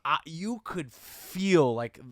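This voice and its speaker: A man's voice: fairly high pitch, lively intonation, slow pace, no echo, clean studio sound. A young man, a comedian, chatting as a podcast co-host and telling jokey stories. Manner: joking, storytelling, says dude a lot. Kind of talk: casual chat.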